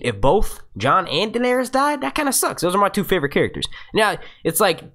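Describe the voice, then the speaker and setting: A man's voice: fairly high pitch, very animated, quick pace, hardly any pauses, a bit bright. A man talking into his computer microphone while he hosts a loose live Q&A for his channel. He rambles, trips over his own sentences and swears freely, with plenty of fillers. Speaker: YouTube show host. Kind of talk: casual live Q&A chat. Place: seated at a computer.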